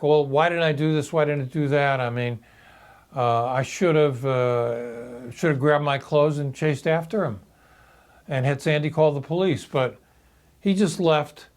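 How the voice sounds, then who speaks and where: A man in his sixties telling a personal story in a halting, reflective video monologue. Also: mid-range voice. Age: 60s. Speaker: video blogger.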